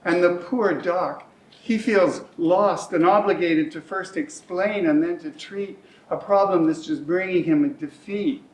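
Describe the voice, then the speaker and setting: Slow man performing rhymed monologue in echoey hall. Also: high voice. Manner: rhythmic rhyming delivery, emotional swings. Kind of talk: rhymed spoken-word monologue. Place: community centre hall, live stage. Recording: echoey hall, mic at a distance.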